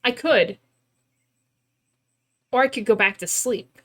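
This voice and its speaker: A woman streamer giving casual let's-play commentary from her room at home, playful and self-mocking, quick to laugh. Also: a little high.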